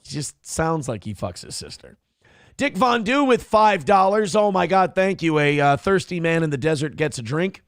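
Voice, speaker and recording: A man hosts a casual political morning show, profane, sarcastic and rambling. His slightly high voice has a gravelly fry. It sounds close and dry. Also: very animated, normal speed, no room sound.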